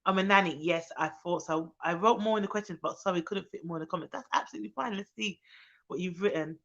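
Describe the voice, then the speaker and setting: A woman's voice: on the low side, fast, vocal fry. Chatty woman hosting a live stream. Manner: chatty, reads viewer comments aloud, bursts into excited greetings. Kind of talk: casual live-stream chat. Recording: dull lo-fi sound.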